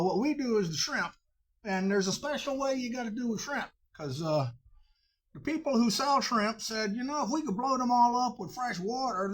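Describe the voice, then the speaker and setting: A man, hosting a cooking show in a folksy, rambling way. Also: high voice. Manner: folksy, drawling, with frequent uh fillers.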